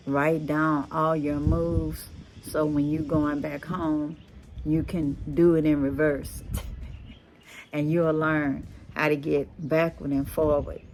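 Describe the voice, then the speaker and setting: A middle-aged woman with a Texas Creole accent, a blend of Louisiana and Galveston, talks to her viewers in a low, unhurried voice. She draws out her words and keeps calling them "y'all". A faint outdoor hum sits behind her. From Texas, USA. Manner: slow, drawn-out talk, often saying "y'all". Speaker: vlogger. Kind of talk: casual chat to viewers. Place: rooftop outdoors.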